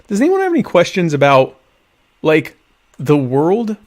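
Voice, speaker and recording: A young man hosts a casual live-streamed talk show, reading viewer questions out loud and answering with sardonic, mock-pompous humor. His slightly high voice swoops wildly in pitch, and he speaks a little slowly.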